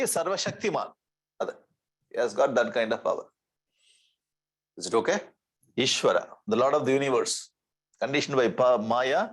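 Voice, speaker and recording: A swami teaches scripture in a slightly husky, fairly high voice. He repeats Sanskrit terms and checks in with his listeners. He keeps the tone light with gentle humor. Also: poor audio. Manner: repeats Sanskrit terms, asks "okay?" often. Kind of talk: spiritual lecture.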